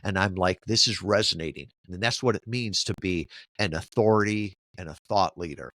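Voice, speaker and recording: A middle-aged man answering interview questions in a lively, storytelling way, often checking in with "right?". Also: sits low, a little fast, dry recording, studio quality. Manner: animated storyteller who keeps asking "right?". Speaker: podcast guest, marketing company founder.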